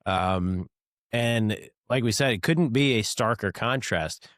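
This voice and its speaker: Low-voiced man hosting a casual podcast. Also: slow pace, dry recording, clean studio sound. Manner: relaxed, chuckling, many fillers. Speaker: podcast host.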